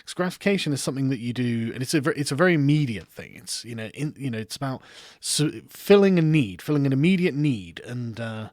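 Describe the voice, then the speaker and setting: A fast-talking, animated political commentary streamer, a young adult Englishman from England, reads viewer comments on a casual livestream in an English accent. His medium-pitched voice has a darkish tone, and he rambles, laughs often, swears freely and is self-deprecating. The recording is dry and studio-clean.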